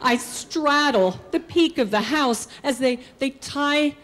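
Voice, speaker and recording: A middle-aged woman performing a personal story on stage, acting out characters' shouts. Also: high-pitched, slow pace, a little hiss or hum. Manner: animated, acts out characters' shouts. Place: stage at a live storytelling show.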